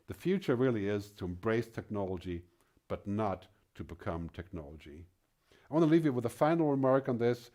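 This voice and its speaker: Low, mellow-voiced male keynote speaker. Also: lively intonation, normal speed. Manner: emphatic, rhetorical questions, frequent tag "right?". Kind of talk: conference keynote speech.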